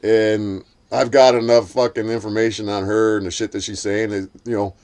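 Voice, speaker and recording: A man with a darkish tone speaks at normal speed with little pitch movement. He's telling a heated, profanity-laced story in a casual chat, acting out others' lines in a shrill voice.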